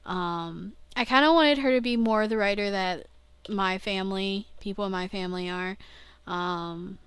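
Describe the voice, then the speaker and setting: A woman's voice: mid-range voice, a little slow, fairly bright tone, clean tone, no echo. A young woman vlogging casually, rambling and interrupting herself, often laughing at her own slips. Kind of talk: casual rambling video diary.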